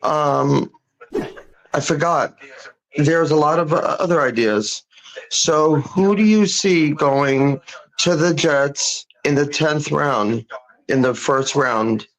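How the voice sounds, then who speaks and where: A man's voice: on the high side, fairly bright tone, rough recording. A man voicing a confused male caller who rambles and trails off with ums. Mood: rambling. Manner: halting, forgetful, full of ums.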